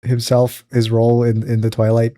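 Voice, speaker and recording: Podcast co-host, young man, relaxed mellow tone, dry questioning asides. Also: mid-range voice, normal speed. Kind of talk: casual chat.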